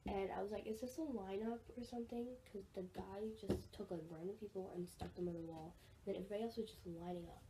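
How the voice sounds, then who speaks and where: A teenage girl telling a rambling, excited story for her vlog, full of "like" and "oh my gosh". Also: medium pitch. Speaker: vlogger. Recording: somewhat distant mic with faint room noise.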